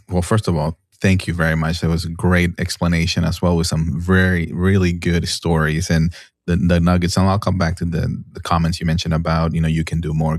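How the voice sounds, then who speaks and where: A man with a deep voice and very little pitch movement hosts the conversation. He speaks in a friendly, halting way full of "uh" and "you know," and the sound is dry, with no room echo. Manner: friendly, halting with fillers and restarts. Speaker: podcast host. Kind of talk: casual interview talk.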